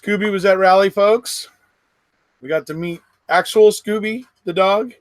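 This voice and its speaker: Chatty middle-aged livestream host, dry mic. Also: male voice, sits high, dry recording. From West Coast of the United States. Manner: rambling, chatty, quick laughs between remarks. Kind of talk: casual livestream chat.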